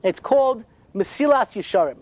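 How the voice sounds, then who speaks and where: A man's voice: high voice, normal speed, dry recording, muffled recording. An older man giving a humorous lecture as a rabbi, telling stories and acting out quotes. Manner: animated storytelling with jokes and acted-out quotes.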